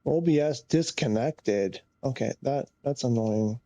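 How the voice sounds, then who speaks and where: During live gameplay, a flight sim streamer mutters to themselves, sighing often and getting frustrated easily. The voice is mid-range, mellow, and a little slow, with no room sound.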